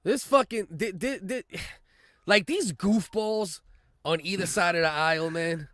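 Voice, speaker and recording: A man's voice: high voice, a little slow, no echo, studio quality. A man co-hosting a podcast, trading crude, mocking jokes and rants in casual banter. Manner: profane, animated, mocking. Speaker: podcast co-host.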